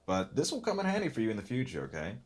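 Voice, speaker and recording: A man's voice: mid-range voice, huge pitch swings, racing. A man co-hosting a livestream, giving blunt and crude advice in casual chat.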